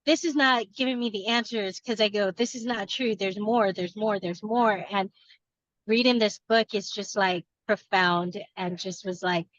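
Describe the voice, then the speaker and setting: A woman's voice: mid-range voice, measured pace, fairly bright tone, no room sound, dull audio. A woman in a book club earnestly sharing her personal reflections, rambling a little with restarts.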